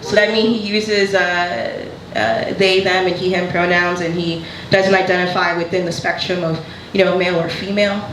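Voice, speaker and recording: A woman's voice: on the low side, level tone, normal speed, few pauses, fairly bright tone. A woman doing a stand-up comedy set in a casual, candid way, often laughing through her lines. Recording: echoey room with background noise.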